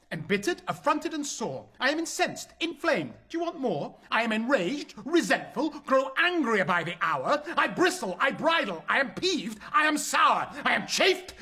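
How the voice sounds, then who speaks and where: A man's voice: sits high, pushed and bright, full character voice. An actor playing an indignant wealthy father who was deceived by his guest, blustering in rhymed stage verse. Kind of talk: stage play in rhyming verse.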